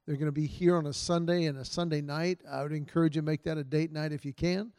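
A man speaks earnestly to a church men's group, his voice dark and mellow and sitting a little high for a man. He tells stories with feeling and drops softer for quoted lines. The sound is close and dry. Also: fairly even intonation, fast talker, clean tone, dry recording.

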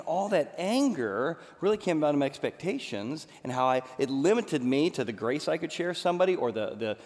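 A man's voice: mid-range voice, a little mellow. A male pastor preaching a sermon, telling a story with lots of animation and acting out the quotes. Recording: church hall reverb.

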